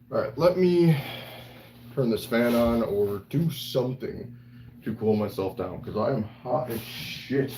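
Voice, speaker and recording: A man's voice: medium pitch, warm tone, a little hiss or hum, rough recording. A man live-streaming and chatting with viewers, rambling playfully and slipping into broken Spanish. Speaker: livestreamer reading chat. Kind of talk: casual live-stream chat.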